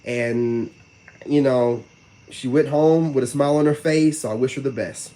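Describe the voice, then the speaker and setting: Talking to his live chat as a vlogger, a man rambles in a fast, slang-filled way, repeatedly saying "you know what I'm saying." His voice has a medium pitch and a dark tone.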